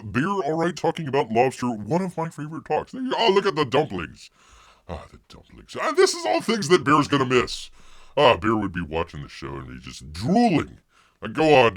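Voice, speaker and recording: A man's voice: mid-range voice, fairly bright tone, dry recording, clean studio sound. A man hosting a live stream in casual chat, calling himself Bear in the third person with over-the-top mock mourning.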